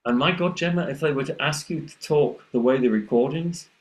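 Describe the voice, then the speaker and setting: A man's voice: fairly high pitch, brisk. A man from the north of England with a northern English accent, co-presenting a teacher-training session and telling stories animatedly, with stammered restarts. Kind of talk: conversational webinar discussion.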